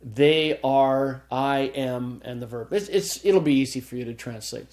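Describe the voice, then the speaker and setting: A man's voice: mid-range voice, measured pace, darkish tone. A man teaching a Greek grammar class, explaining step by step and checking in with his students. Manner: explanatory, checks in with "okay?", frequent restarts. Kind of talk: recorded classroom lecture.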